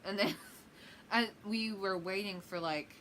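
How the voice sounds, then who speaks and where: A woman's voice: medium pitch, steady tone, takes it slowly, fairly bright tone, slight background noise, poor audio. A young woman, likely in her teens, casually telling a vlog story with lots of fillers and giggles. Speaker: vlogger.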